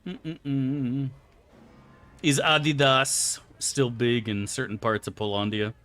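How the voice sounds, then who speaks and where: A man streams a game and chats loosely with viewers, his mid-range, slightly bright voice slow and flat. He rambles, swears freely, and answers chat out loud in casual live-stream talk.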